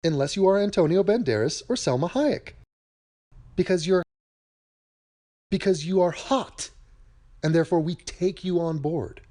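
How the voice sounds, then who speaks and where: A man's voice: high-pitched, measured pace, long pauses, mellow. A man giving reaction commentary, sarcastic and mocking, often repeating himself.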